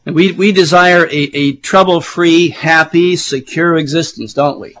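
A middle-aged man preaching a sermon while losing his voice, often clearing his throat, with chatty asides to the congregation. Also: a little high, measured pace, fairly bright tone, slight background noise, rough recording. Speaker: pastor.

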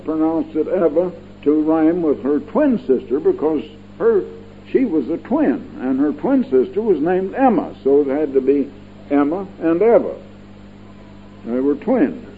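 Older male radio preacher, fairly high-pitched, folksy and digressive, emphatic repeats; tinny lo-fi broadcast sound. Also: lively intonation, measured pace, a little hiss or hum. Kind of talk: radio Bible-teaching sermon.

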